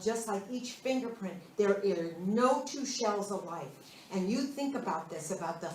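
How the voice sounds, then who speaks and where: Chatty older woman minister telling stories. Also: medium pitch. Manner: chatty, animated storyteller. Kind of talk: casual storytelling in a spiritual talk. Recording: roomy hall with a distant mic and faint noise.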